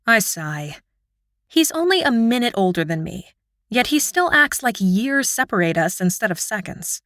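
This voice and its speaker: A woman reading a first-person fantasy audiobook with an expressive, emotional delivery. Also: mid-range voice, normal speed, no echo, studio quality. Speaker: audiobook narrator.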